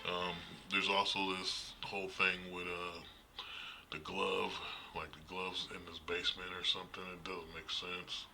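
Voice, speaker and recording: A man giving a casual, rambling horror movie review, blunt and quick to laugh, with plenty of fillers. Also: deep voice, little pitch movement, vocal fry, bright, forceful tone, a little hiss or hum, poor audio.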